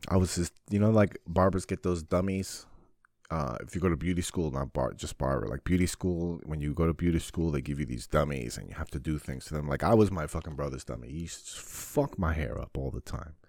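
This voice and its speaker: A man's voice: a bass voice, darkish tone, no echo, studio quality. A man hosting his own podcast, talking in a profane, rambling, sarcastic solo monologue. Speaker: podcast host.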